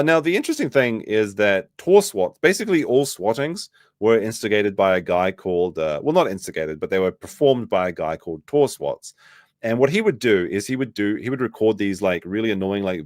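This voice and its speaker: A man's voice: fairly low pitch, animated, brisk, no echo, clean studio sound. A young man giving a swearing, incredulous livestream commentary, his voice jumping up when he is outraged. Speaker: commentary streamer.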